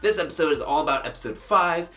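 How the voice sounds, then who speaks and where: A man's voice: on the high side, expressive, quick pace, pushed and bright. Sarcastic, chatty man recapping a TV show. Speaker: TV recap vlogger. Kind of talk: casual recap commentary. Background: faint music.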